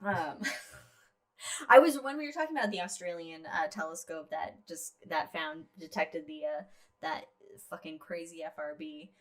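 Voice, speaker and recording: A woman's voice: lowish voice, moderate pace. A woman co-hosting a casual podcast chat, giggly and jokey, trailing off with fillers. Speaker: podcast co-host. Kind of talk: casual chat over drinks.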